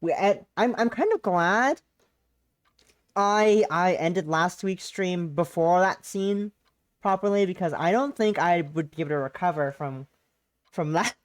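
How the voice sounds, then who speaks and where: A woman streaming a visual novel, reacting with loud, profane, mock-outraged commentary. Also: lowish voice, measured pace. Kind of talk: casual game stream commentary.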